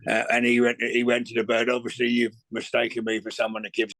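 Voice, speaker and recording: Middle-aged man, gravelly voice, dry close sound, rambling and swearing. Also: medium pitch, monotone, quick pace, fairly bright tone, dry recording. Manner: rambling, restarts often, swears casually. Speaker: guest. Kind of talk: casual storytelling chat.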